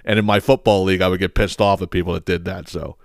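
A man's voice: low-pitched, steady tone, quick pace, dry recording, studio quality. A man hosting a podcast, ranting heatedly with plenty of profanity. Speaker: podcast host.

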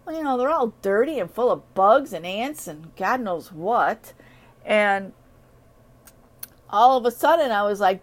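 A woman of middle age talks casually and at length about training her dogs. She rambles from one story to the next and tells them in an animated way, slipping into little voices for what the dogs would say. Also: mid-range voice, moderate pace. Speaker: dog owner sharing training tips. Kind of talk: casual chat.

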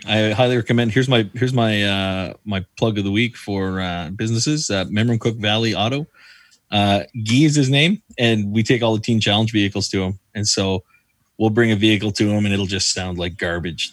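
A man co-hosting a podcast, telling funny anecdotes in an animated, humorous way. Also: lowish voice, no room sound. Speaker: podcast co-host. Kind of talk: casual chat.

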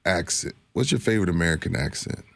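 A man's voice: low voice, fast, creaky, no room sound. A man co-hosting a sports talk radio show in a studio, needling his partner and throwing out joking questions.

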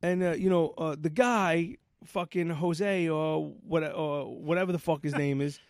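Man, gravelly voice, fairly high pitch, profane animated storytelling, dry close sound. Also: unhurried, dry recording. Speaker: podcast co-host. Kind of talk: casual ranting chat.

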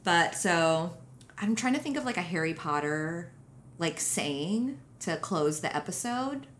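Woman podcast host, loose rambling delivery with casual swearing; slightly low voice, faint hiss behind. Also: lively intonation, measured pace, a bit bright, roomy sound. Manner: rambling, swears freely, trails off. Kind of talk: casual chat.

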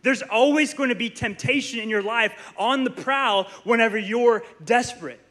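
A man in his thirties preaches in a church, his voice high and forceful. He tells stories with animated energy and throws playful asides to the room. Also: moderate pace. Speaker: pastor. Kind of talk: sermon. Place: church sanctuary.

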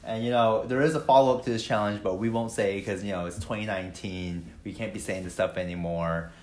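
A man's voice: lowish voice, steady tone, brisk, a little mellow, roomy sound. A young man co-hosting a podcast, chatting casually in a crude, joking way with mumbled asides. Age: young adult. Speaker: podcast co-host. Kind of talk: casual chat.

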